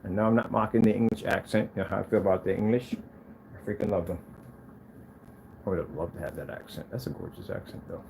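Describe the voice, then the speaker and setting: A man testing and showing off his own projector screens, talking casually to the camera and to himself, proud and quick to defend his product. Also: deep voice, gravelly, a little hiss or hum. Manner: animated, talks to himself as he browses.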